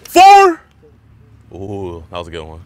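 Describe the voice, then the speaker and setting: A young man hosting a prank video at an outdoor golf range, playing a clueless beginner in a deadpan, cocky way. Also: lowish voice, quick pace. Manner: deadpan, cocky, yells loudly on swings. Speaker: prankster host.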